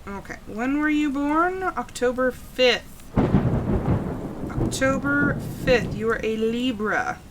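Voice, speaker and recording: High-voiced woman streaming a horror game. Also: very noisy. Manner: jumpy, frightened exclamations between slow puzzle-solving. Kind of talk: live gameplay commentary.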